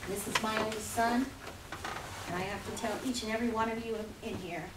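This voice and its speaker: A woman's voice: on the high side, steady tone, fairly quick. An older woman giving an earnest public comment at a meeting. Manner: earnest, proud. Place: meeting room. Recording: echoey room, distant mic, loud noise.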